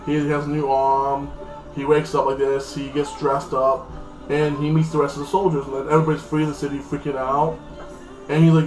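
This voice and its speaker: A man's voice: fairly high pitch, flat delivery, normal speed. A man giving a casual, rambling spoken recap of a TV episode, full of fillers and restarts. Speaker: TV episode reviewer. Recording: echoey room, faint guitar music.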